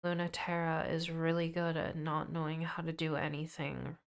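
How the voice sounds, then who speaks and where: A young woman on a game stream with a smooth, resonant voice. She chats casually and keeps checking how her audio sounds. Her voice sits a little low for a woman. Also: level tone, normal speed. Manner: chatty, fussing over her audio settings. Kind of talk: casual stream chat during a mic check.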